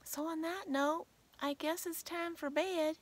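A woman's voice: very high-pitched, steady tone, unhurried, distant mic. A tired woman vlogger chatting casually at night, half asleep and rambling as she shows her things. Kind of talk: casual late-night vlog chat.

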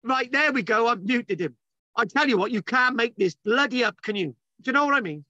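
Exasperated high-voiced man lecturing. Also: expressive, brisk, sharp tone, no room sound, muffled recording. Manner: exasperated, bantering, swearing often. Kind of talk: casual online lecture.

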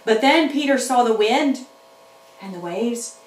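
A woman teaching children's church, telling a Bible story to young kids in an animated way and chatting with her puppets. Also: a little high, measured pace. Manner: animated, talks back to puppets. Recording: roomy room, mic at a distance.

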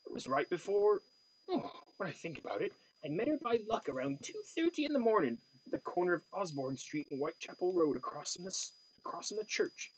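A man's voice: high voice, big pitch swings, brisk, breathy edge, pitched above the performer's own voice, exaggerated voice, poor audio. A man voicing a weary lodging-house woman in her fifties with a Cornish accent, telling her story in a wistful, broken way.

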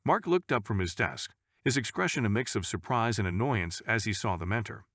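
Low-voiced male story narrator, measured. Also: expressive, a bit bright, no echo, clean studio sound.

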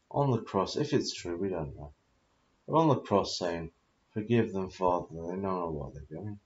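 British man, 30s, low voice, rambling confessional vlog full of swearing; muffled lo-fi sound. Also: a little mellow, roomy sound. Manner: swears a lot, rambling and confused. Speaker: vlogger. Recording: dull lo-fi audio.

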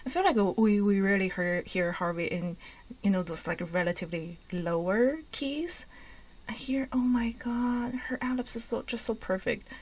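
A woman hosting a music reaction video, talking in an excited, gushing way with lots of fillers and restarts. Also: lowish voice, normal speed. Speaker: reaction channel host. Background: faint music from the reacted video.

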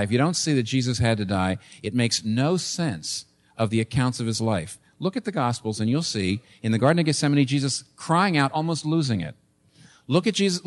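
Guy in his 60s preaching, emphatic, jumps way up then drops soft. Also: mid-range voice. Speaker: pastor. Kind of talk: sermon.

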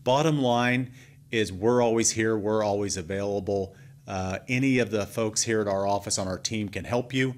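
A man who works as a financial advisor, giving his clients a relaxed, conversational update with a few fillers. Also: lowish voice, normal speed. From Oklahoma, US.

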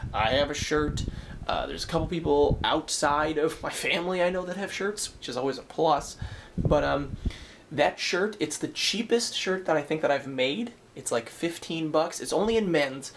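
A man's voice: fairly high pitch, a little hiss or hum. A young man chatting casually in a rambling, self-mocking way as he vlogs his day at home on a handheld camera. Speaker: vlogger. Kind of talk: casual daily vlog. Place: indoors at home.

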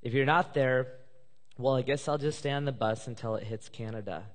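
Tearful pastor in a reverberant hall. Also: male voice, medium pitch, fairly quick. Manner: emotional storytelling, voice choking up. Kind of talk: sermon. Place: church sanctuary. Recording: live church hall reverb.

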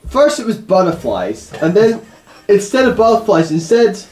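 A man's voice: high voice, very animated, moderate pace, a little mellow. A man running a tabletop game, explaining rules and describing spell effects with frequent laughter. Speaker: game master. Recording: roomy sound with music behind.

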